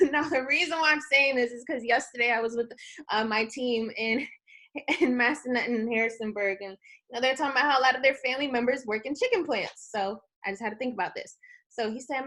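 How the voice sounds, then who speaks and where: A high-pitched woman leads a live online coaching session for her sales team. Her voice is bright and energetic. She keeps checking in with "okay?" and plays out both sides of a phone call. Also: brisk.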